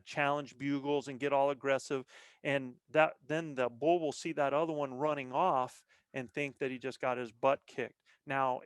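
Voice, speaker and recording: A middle-aged man talking in a loose, plainspoken way on a podcast, restarting phrases and dropping in "man" as he goes. His voice sits at an ordinary pitch. The sound is dry, with no room around it. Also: a bit bright, smooth, no echo. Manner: plainspoken, says "man" often, repeats words when restarting. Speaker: guest, elk hunter. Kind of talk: casual podcast conversation.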